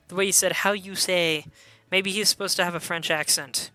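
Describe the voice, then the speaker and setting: A man's voice: high voice, fairly even intonation, moderate pace, pushed and bright, no echo, soft background music. A man casually commentating a video game stream, chatty with meandering asides.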